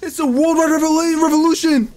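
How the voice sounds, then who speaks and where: A man hosting an anime reaction channel, giving live reaction commentary in excitable outbursts full of swearing and shouting. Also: very high-pitched, fairly quick. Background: faint anime soundtrack playing.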